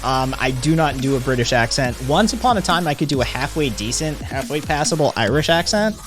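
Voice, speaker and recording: Male streamer host, casual and foul-mouthed, average pitch, music low in the background. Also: animated, brisk, fairly bright tone. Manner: rambling and heavily profane. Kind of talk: casual live-stream chat.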